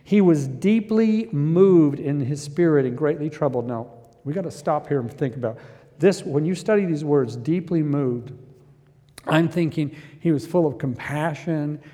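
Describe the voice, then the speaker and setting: A middle-aged pastor with a high voice preaches in a sanctuary with a long reverb. He reads scripture quietly, then climbs into loud, fervent preaching. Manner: builds from quiet reflection to loud impassioned preaching. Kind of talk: sermon.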